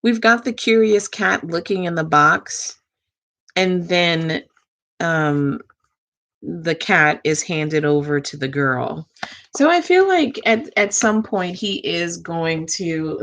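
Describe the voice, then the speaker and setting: A woman giving a casual tarot reading, talking slowly to her cards and thanking the angels. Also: lowish voice, fairly bright tone. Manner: slow, drawn-out, talks to the cards and angels. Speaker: tarot reader.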